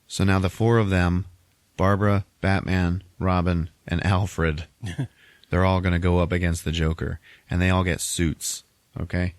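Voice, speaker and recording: A man's voice: low voice, steady tone, moderate pace, smooth, no room sound, clean studio sound. A man hosting a podcast, casually retelling a movie plot and chuckling often as he goes. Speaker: podcast host.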